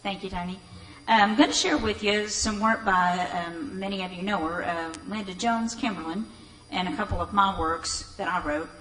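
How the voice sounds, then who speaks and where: A woman's voice: medium pitch, steady tone, moderate pace, fairly bright tone, poor audio. A woman reading poems aloud at a community event, plainspoken and rhythmic. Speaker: poetry reader.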